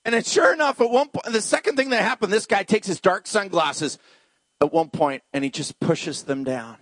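Male pastor, lively sermon storyteller who voices each character, close and dry. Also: sits high, normal speed, dry recording. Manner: animated storyteller acting out dialogue, dropping to hushed tones.

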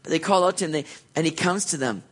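Animated male preacher, slightly high voice. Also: quick pace. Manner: animated storytelling, acts out quoted voices. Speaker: pastor. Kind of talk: sermon.

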